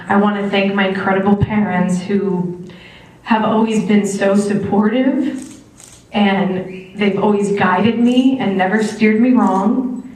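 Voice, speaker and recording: A woman in her thirties from New Jersey tells students an animated personal story. She acts out quotes, jumping high in pitch. She is recorded from a distance in a big, echoey theater. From New Jersey, USA. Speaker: alumna actress giving a talk. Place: large theater. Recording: very echoey theater, mic from far off.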